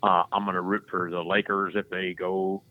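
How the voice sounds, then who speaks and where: A man's voice: low voice, normal speed. A man co-hosting a podcast, telling sports stories in a loose, profane way and acting out the voices of the people he quotes. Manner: profane, animated storytelling with acted-out quotes. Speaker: podcast co-host. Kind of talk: casual podcast chat. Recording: dry, tinny phone-like sound.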